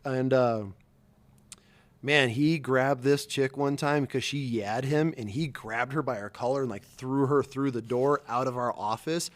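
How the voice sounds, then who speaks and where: A middle-aged former Marine spins stories on a podcast, animated and profane, loose with slang. His voice sits at an ordinary male pitch, and he slips into quick impressions of the people he describes. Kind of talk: casual storytelling.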